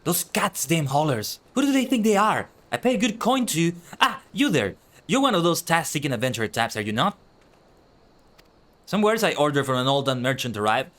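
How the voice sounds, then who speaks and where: A man voicing an irritable male merchant in a fantasy game, indignant and complaining, pitched a bit above his own voice. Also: very animated, moderate pace, a bit bright.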